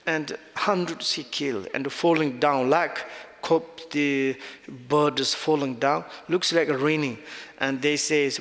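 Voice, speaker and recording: A man with a Tibetan accent teaching Buddhist dharma in halting, non-native English with frequent restarts and searching for words. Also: fairly high pitch, steady tone, fairly bright tone, big-room sound.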